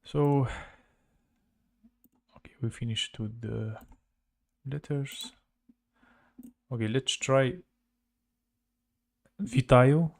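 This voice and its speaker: A man with a Russian accent teaching casually on a livestream, halting and repeating words to compare their sounds. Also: mid-range voice, fairly even intonation, creaky. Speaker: language teacher.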